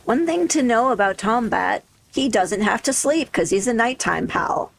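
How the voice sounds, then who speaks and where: A woman's voice: fairly high pitch, animated, normal speed, gravelly, rough recording. A woman livestreaming a game, chatting casually, thinking aloud and laughing easily into a desk microphone. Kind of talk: casual gaming commentary.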